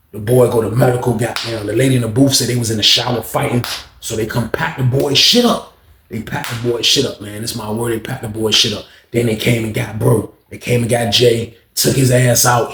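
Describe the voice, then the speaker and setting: A man's voice: medium pitch, creaky, a little hiss or hum. A man casually telling a slangy, repetitive story about prison life, in a roomy echo. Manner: slangy, repetitive, animated retelling.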